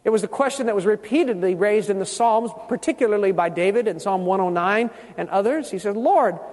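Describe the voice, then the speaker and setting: A man with a strikingly high voice preaches a sermon, stopping often to quiz his congregation with questions. He repeats key words slowly to stress them. His voice carries a long reverb, as if it fills a big church sanctuary. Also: darkish tone. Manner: teaching, quizzes the congregation with questions.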